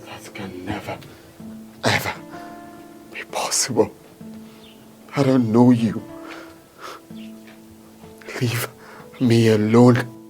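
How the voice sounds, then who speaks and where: A man's voice: fairly low pitch, drawn-out words, long pauses, soft background music. A Nigerian-accented man playing a crippled husband tormented by a spirit, pleading and breaking into anguished cries. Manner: pleading, rising into anguished shouts. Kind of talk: Nollywood film acting.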